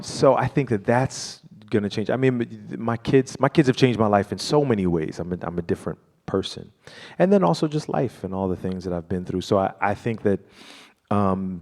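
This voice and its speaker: A man with a fairly low voice talks as a guest at a live event. He speaks in a reflective, halting way, often pausing on fillers and starting over. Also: a little mellow. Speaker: guest performer. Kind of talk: live stage conversation. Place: live event before an audience.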